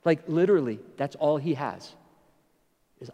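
A middle-aged male pastor with a high, very lively voice, telling stories with jokes in an animated way. His sermon rings out in a church with a long reverb. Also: fairly quick. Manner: animated, joking storyteller.

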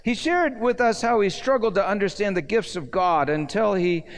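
A man delivering a sermon in a fairly high voice. He tells his story in vivid bursts, rising to near-shouts and then dropping to a hushed low tone, and he keeps asking his listeners rhetorical questions. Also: normal speed, vocal fry. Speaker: pastor.

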